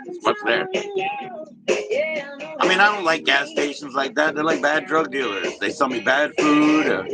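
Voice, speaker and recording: Gravelly laid-back man with music behind. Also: medium pitch, poor audio. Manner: laid-back, slangy and profane. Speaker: livestream host. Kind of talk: casual live chat with viewers. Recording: music playing in the background.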